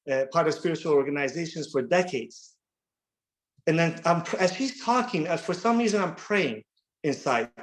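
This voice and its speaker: A man in his thirties sharing his recovery story at a workshop, earnest and halting, often repeating words as he restarts. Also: a little high, rough recording. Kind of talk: personal recovery share.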